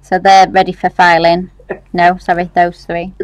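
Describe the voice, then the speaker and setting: A woman's voice: fairly low pitch, completely flat delivery, normal speed, smooth, no echo. A woman, casually explaining nail steps as she works on a livestream. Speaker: nail technician demonstrating a set.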